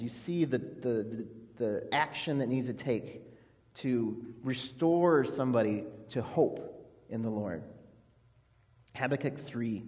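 A man's voice: mid-range voice, darkish tone. A man preaching an earnest, conversational sermon as a pastor, with frequent restarts. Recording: long hall reverb.

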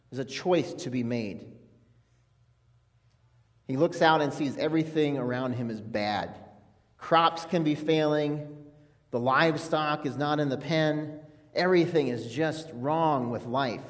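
A man's voice: mid-range voice, measured pace. A man preaching an earnest, conversational sermon as a pastor, with frequent restarts. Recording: long hall reverb.

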